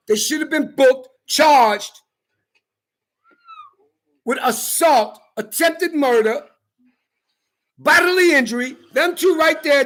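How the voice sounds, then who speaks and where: A man delivering a heated, profane rant to camera, often breaking into shouts. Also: very high voice. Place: California.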